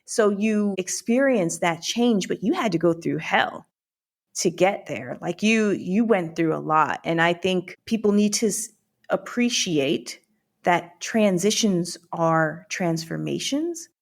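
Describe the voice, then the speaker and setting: A woman's voice: fairly low pitch, lively intonation, takes it slowly, creaky. A woman hosting an interview podcast, reflecting aloud in a conversational way. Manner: reflective, thinks aloud with restarts. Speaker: podcast host.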